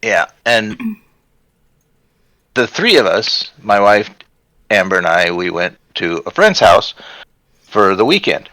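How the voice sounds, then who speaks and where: A middle-aged man telling family stories in a casual, animated chat. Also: fairly low pitch, slow, pauses often, dry recording, low-quality recording. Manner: chatty, animated when quoting others.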